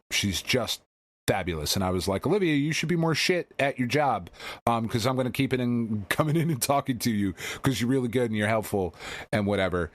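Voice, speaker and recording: A man co-hosting a podcast, telling a rambling, candid story in casual chat and swearing often. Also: on the low side. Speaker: podcast co-host.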